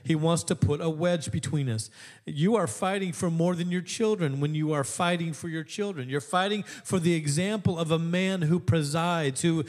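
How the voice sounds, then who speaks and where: A middle-aged male pastor preaching a sermon to an online audience in a conversational way, with laughing asides and emphatic repetitions. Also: fairly high pitch. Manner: builds to emphatic repeated lines.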